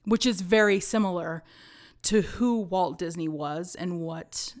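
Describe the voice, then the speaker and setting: A woman in her forties telling stories as a podcast guest, excitable and laughing often. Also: on the low side, a little slow. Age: 40s. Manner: excitable storyteller, bursts of laughter. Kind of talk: casual podcast chat.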